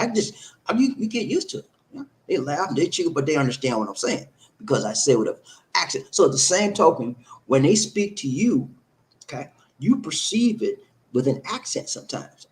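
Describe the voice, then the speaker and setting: A man from abroad who lives in the Philippines gives casual advice to his viewers straight to camera. His voice is fairly high and the recording is rough. He's emphatic and repetitive, forever checking in with "okay?" and "huh?"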